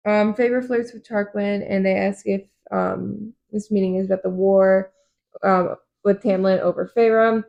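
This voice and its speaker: A young woman casually recaps chapters on a book podcast, tossing in ums and the odd swear word. Her voice has a gravelly fry to it, and she slips into quick impressions of the characters as she goes. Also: mid-range voice, steady tone, darkish tone, highs cut off. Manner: retells scenes in quoted voices, frequent ums, swears casually. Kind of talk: casual book-club chat.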